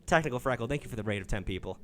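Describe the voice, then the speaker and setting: A man's voice: medium pitch, expressive, very fast, a bit bright, a little hiss or hum. A man hosting a call-in dating stream, chatting casually, thanking viewers and swearing offhand. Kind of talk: casual live-stream chat.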